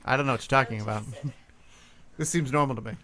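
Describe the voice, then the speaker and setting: A man's voice: medium pitch, fast talker, bright, forceful tone. A man at a tabletop game joking and retelling the group's banter.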